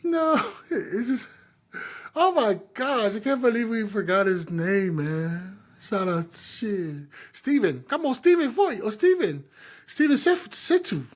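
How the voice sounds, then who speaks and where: A man co-hosting a podcast in casual chat, telling stories in an animated, slangy, profane way. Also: sits high, slow. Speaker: podcast co-host.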